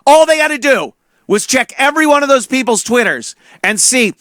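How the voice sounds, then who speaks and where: A man's voice: very high-pitched, lively intonation, a little fast, a bit bright, dry recording. A man hosting a talk show, delivering a heated, profane political rant full of stammered repeats into a studio mic.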